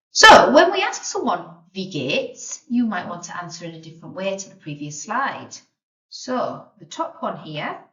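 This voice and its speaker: Woman, teacher, beginner language lesson, lively pitch, patient, slow modelled words, roomy distant dull sound. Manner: clear, patient, models pronunciation slowly. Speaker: German teacher.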